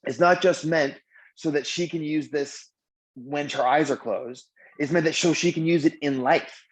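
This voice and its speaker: A man's voice: a little high, moderate pace. A man working as a wellness coach. He leads a breathing practice and then talks in a loose, filler-heavy way, acting out the people in his stories. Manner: animated storyteller who acts out quotes. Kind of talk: guided breathing and coaching talk. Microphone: video call. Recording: dull lo-fi video call audio.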